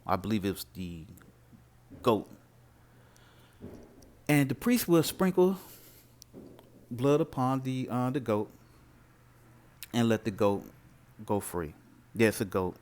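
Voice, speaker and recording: A man preaches informally. His pitch swoops up and down with lively emphasis, and he keeps asking rhetorical questions as he drives his point home. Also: slow pace, pauses often. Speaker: religious commentator.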